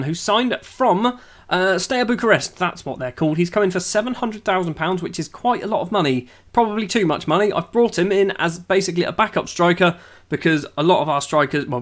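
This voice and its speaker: A man's voice: sits high, fairly bright tone. A young man casually talking through his football management game, dry and sarcastic. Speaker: gaming YouTuber.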